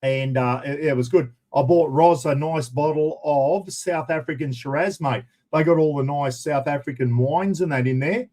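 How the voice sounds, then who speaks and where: Brief: Australian man, charity stream host, chatty and matey, voice sits a little high. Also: normal speed, few pauses. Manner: matey, rambling shout-outs to viewers. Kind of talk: casual live-stream chat.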